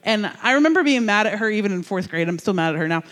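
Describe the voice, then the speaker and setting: A man from New Jersey giving a sermon as a youth pastor, telling a story in an animated, jokey, conversational way. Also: sits high, quick pace, big-room sound.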